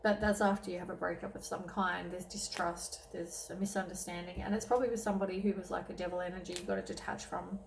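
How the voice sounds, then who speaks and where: A woman's voice: fairly low pitch, steady tone, fast talker, creaky, few pauses, a little hiss or hum, rough recording. A woman giving a casual tarot reading, tired and yawning, rambling with many ums and self-corrections. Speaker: tarot reader.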